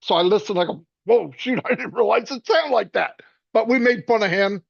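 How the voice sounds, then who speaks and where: A man giving a rambling, joking tribute full of quick stories and restarts. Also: high-pitched, creaky, dry recording. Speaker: speaker at a celebration. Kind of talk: casual storytelling tribute. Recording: dull dry lo-fi sound.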